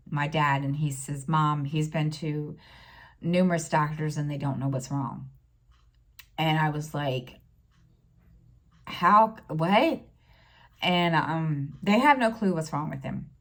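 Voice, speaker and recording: A middle-aged woman talking in a casual personal vlog, halting and full of fillers, close to tears. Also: low voice. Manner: halting, many fillers and restarts. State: tearful, near crying. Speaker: stitching vlogger.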